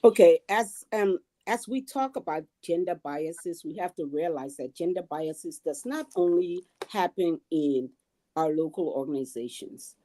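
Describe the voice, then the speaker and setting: A woman from Liberia giving her view on a panel, calm and measured. Her voice is lowish and warm. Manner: measured, explanatory. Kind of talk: livestream panel discussion.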